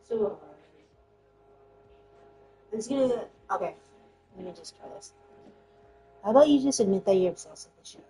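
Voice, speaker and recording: A woman's voice: medium pitch, lively intonation, moderate pace, long pauses. A woman chatting casually in a playful, bossy, teasing way. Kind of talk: casual chat. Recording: noisy room.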